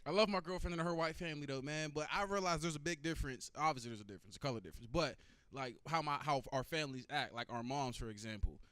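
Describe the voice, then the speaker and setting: A man doing a profane, loose stand-up comedy set and chatting with the crowd. His voice is fairly high and smooth. The sound is close and dry. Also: fast talker, a bit bright, dry recording.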